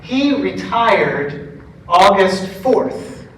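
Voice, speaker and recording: A man, a pastor, telling stories in a casual talk to a church forum, acting out the dialogue with lively quoted voices. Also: high voice, drawn-out words, a little hiss or hum. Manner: chatty storytelling, animated quoted dialogue. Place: church meeting room. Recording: echoey room, mic at a distance.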